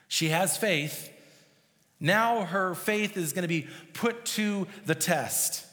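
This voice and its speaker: A man's voice: high-pitched, slow, pushed and bright. A male pastor preaching a sermon in a conversational, emphatic way with casual asides. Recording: long reverb of a hall.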